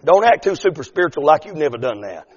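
A middle-aged male pastor preaching a sermon, building to shouted, drawn-out lines. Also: fairly high pitch, sing-song, husky, long reverb tail, muffled recording. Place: church sanctuary.

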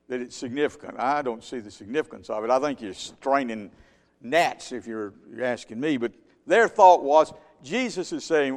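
A man preaching a sermon with emphatic delivery, rising loud and dropping soft. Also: medium pitch, expressive, moderate pace. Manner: emphatic, swinging between loud and quiet. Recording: long hall reverb.

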